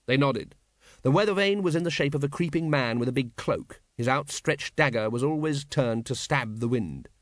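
A man narrating an audiobook with lively, expressive storytelling. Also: medium pitch, moderate pace, dry recording, studio quality.

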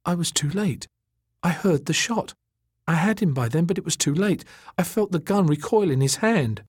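A man's voice: fairly high pitch, lively intonation, darkish tone, slightly rough, no echo, studio quality, voice pushed up. Man doing a weak, guilt-stricken doctor. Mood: despairing. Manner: halting, broken apologies. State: weak, hoarse. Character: weak injured male doctor, guilt-ridden.

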